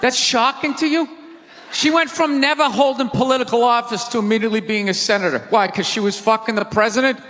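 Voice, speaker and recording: A man doing a stand-up rant on a big theater stage, loud, exasperated and profane. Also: very high voice, steady tone, brisk, slight background noise. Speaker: stand-up comedian. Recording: theater reverb with faint crowd.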